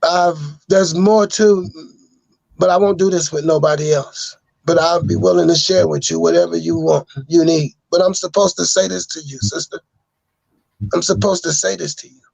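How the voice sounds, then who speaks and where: A man's voice: fairly high pitch, fairly even intonation, normal speed, creaky, darkish tone, no echo. A man speaking as a podcast guest, delivering an earnest, sermon-like message that keeps returning to the same phrases. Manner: insistent, repeating phrases like a sermon. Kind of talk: earnest preaching monologue.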